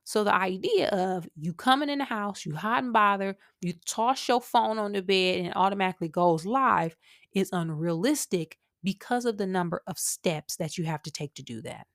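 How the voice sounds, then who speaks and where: A woman hosts her podcast in a casual, animated monologue and keeps turning to her listeners. Her voice sits at a middle pitch. The sound is dry and close, with no room in it. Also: moderate pace, dry recording. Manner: chatty and animated, with asides to listeners. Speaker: podcast host.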